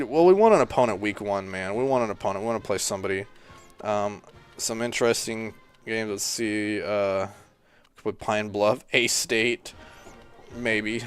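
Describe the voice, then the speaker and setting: A man's voice: on the low side, a little slow, faint music behind. A tired man talking casually as a gaming YouTuber, rambling and thinking aloud while clicking through game menus. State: tired and yawning. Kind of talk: casual gameplay commentary.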